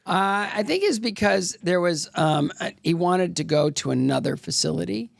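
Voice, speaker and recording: Gravelly man telling stories in an interview. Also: high voice, animated, normal speed, no echo, studio quality. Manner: candid, rambling, acts out quoted voices. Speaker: interview guest, former figure skater. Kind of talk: casual storytelling interview.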